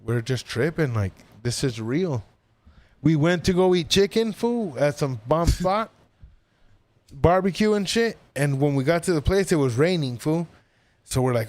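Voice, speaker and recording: A man's voice: fairly high pitch, moderate pace. A man telling a story on a podcast in a casual, rambling way, swearing a lot and acting out what people said. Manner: profane, rambling, animated quoting. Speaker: podcast guest.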